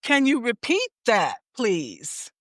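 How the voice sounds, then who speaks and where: A woman's voice: on the high side, wildly swooping pitch, slow, no room sound, clean studio sound. A woman hosting a podcast interview in casual chat, checking in with her guest with a frequent "okay?" as she explains. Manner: peppers talk with "okay?". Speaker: podcast host.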